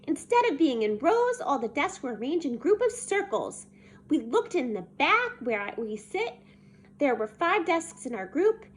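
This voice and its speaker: A woman reading a children's chapter book aloud in a lively, expressive way. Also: fairly high pitch, normal speed. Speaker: storybook reader.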